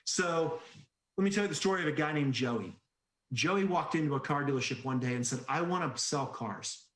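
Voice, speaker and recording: A man's voice: a little high, a little fast, reverberant. A man presenting a sales training webinar, telling anecdotes with jokes and acted-out voices. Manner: animated storyteller, jokes and acts out quoted voices.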